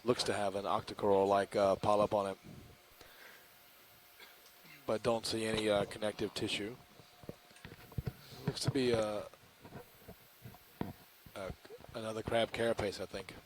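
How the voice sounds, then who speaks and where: A man with a Southern US accent, a scientist giving live commentary on deep-sea creatures over an intercom, musing and hesitant with many fillers. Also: level tone, measured pace, pauses often, slight background noise.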